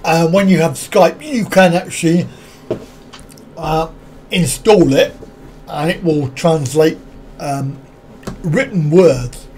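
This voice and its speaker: A man's voice: a little high, takes it slowly, pauses often, a little mellow, slight background noise. A man hosting a casual live stream, rambling, chuckling often and answering viewers' comments one by one.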